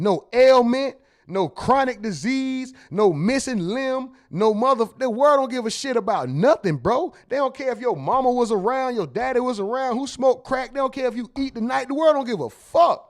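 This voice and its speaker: A man hosting, talking bluntly and profanely in casual emphatic commentary. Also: very high-pitched. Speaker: host.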